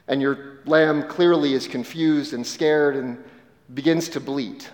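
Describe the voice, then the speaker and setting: A male pastor preaching in a big sanctuary, his voice carrying a long hall reverb. He tells a vivid story straight to the listener, sinking soft and slow at the heavy moments. Mid-pitched, an ordinary man's voice. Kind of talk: sermon told as second-person story.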